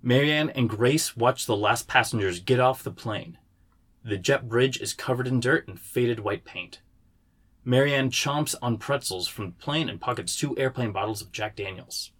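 A man, the writer, reading the stage directions of his screenplay aloud in a steady way. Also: medium pitch, moderate pace.

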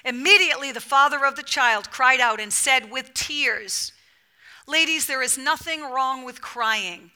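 A woman preaching a sermon to a women's gathering, animated, swinging between loud emphatic bursts and soft near-whispered lines. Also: sits high, a little slow, clean tone.

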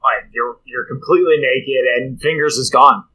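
A man co-hosting a casual podcast, animated as he builds comic scenarios. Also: mid-range voice, moderate pace, slightly rough, rough recording. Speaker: podcast co-host. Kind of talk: casual chat.

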